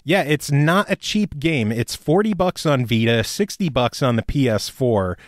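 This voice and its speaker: A man hosts a casual podcast, trading crude jokes and breaking into laughter often. His voice sits at a middle pitch and is recorded close and dry, with little room sound. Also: animated, measured pace, dry recording. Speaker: podcast host.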